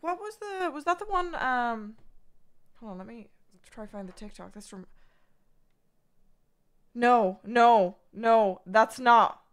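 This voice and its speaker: Slow and smooth, with a fairly high pitch and plenty of expression, a young woman from Ireland livestreams while leaving long pauses. She addresses chat bluntly, curses nonstop, and drifts into rambling tangents.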